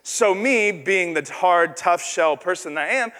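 A man's voice: sits high, animated, a little slow, pushed and bright. A man in his thirties preaching a sermon, telling a self-deprecating personal story and acting out the voices in it. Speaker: pastor. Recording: long reverb of a large hall.

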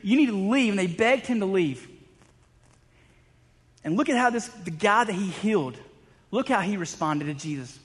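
A man's voice: high voice, animated, normal speed, pauses often, a bit bright, big-room sound. A man preaching a sermon, telling stories in a conversational way with frequent restarts. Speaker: pastor.

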